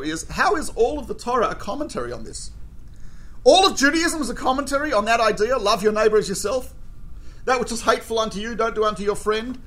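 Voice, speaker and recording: A man's voice: high voice, fairly bright tone. A man giving a Torah lesson who teaches through anecdotes and keeps checking in with a rhetorical "right?". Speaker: religious teacher.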